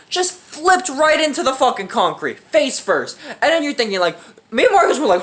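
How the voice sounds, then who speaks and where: A man's voice: very high voice, very animated, moderate pace, bright, forceful tone. A young man telling a funny story in a casual, slangy, profane way, often laughing. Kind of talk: casual anecdote.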